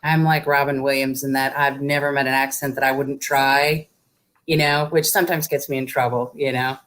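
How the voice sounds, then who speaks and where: A woman's voice: rumbling low, level tone, moderate pace, a bit bright. A middle-aged woman, an actor guest in a casual interview, talking with dry, wry humor.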